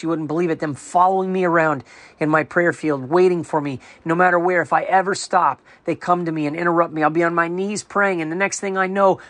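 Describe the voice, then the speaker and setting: A man's voice: on the high side, fairly bright tone, no echo. A man who runs an online ministry, sharing a personal testimony in an earnest, storytelling way and often acting out other people's voices.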